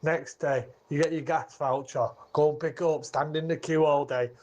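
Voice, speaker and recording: A man's voice: a little high, fairly even intonation, normal speed, darkish tone. A man from Manchester, phoning in to a radio show and making his point bluntly in short clipped phrases. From Manchester, England. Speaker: caller. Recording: muffled phone line.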